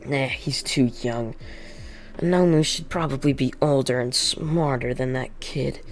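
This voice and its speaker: Lady doing a raspy grumpy villain guy, low and dismissive, music faint in back. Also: a little slow. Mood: scornful. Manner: curt and dismissive. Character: raspy young male villain, irritable and dismissive.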